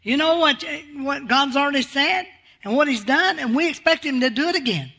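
Older woman preacher, bright forceful voice, fervent and call-and-response in her sermon delivery. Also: high-pitched, lively intonation, normal speed. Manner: fervent, exclaims hallelujah often, swings from loud to quiet.

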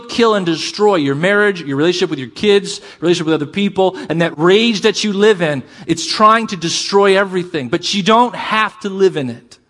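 A middle-aged man preaching a sermon as pastor, animated and shifting between loud emphasis and quiet asides. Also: high voice.

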